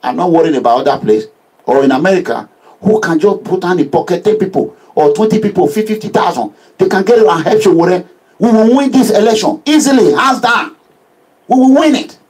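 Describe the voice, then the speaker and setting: Nigerian male activist, raised husky voice, animated and sermon-like delivery. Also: sits high, fairly quick, poor audio. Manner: preachy, animated, uses proverbs. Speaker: political activist. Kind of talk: impassioned social media address.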